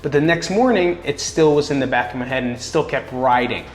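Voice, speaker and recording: A man's voice: medium pitch, brisk. A middle-aged man giving casual personal advice in a blunt, earnest way, swearing freely and repeating words for emphasis. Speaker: vlogger sharing coping tips. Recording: echoey room.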